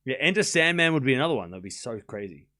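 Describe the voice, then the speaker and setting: A young man hosting a live tennis watchalong stream, chatting casually and excitably with lots of "like" fillers and mocking asides. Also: medium pitch, fast talker.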